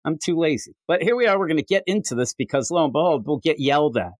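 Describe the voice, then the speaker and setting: A man co-hosting a comic book podcast in casual chat. He rambles and mocks himself, and his pitch jumps up whenever he quotes someone. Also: animated, quick pace, no echo. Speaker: podcast co-host.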